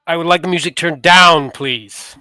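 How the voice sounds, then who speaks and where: A man plays a snobbish undead passenger keeping his politeness clipped and strained, his voice bright and tense, raised a little above his usual talk, recorded on a dry, close mic. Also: a little high, moderate pace, smooth, no room sound, soft background music, voice pushed up. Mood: irritated.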